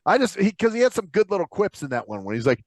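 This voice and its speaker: A man's voice: high-pitched, very animated, quick pace, a little mellow, no room sound, clean studio sound. A man co-hosting a casual, profane chat, laughing and doing movie voices. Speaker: podcast co-host.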